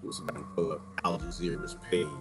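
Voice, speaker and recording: A man's voice: sits low, completely flat delivery, fast, faint music behind. A man hosting a casual livestream, talking straight to his chat viewers and laughing often. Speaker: livestream host.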